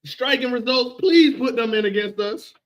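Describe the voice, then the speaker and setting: High-voiced man ranting on a livestream. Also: moderate pace. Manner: animated, repetitive, laughs often. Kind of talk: casual livestream rant.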